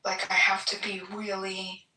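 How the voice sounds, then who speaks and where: A woman's voice: medium pitch, monotone, measured pace, pushed and bright, far from the mic, a little hiss or hum. A woman chatting casually as a guest, rambling with fillers and restarts. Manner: rambling, many fillers and restarts, laughs often. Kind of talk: casual chat. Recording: echoey, off-mic.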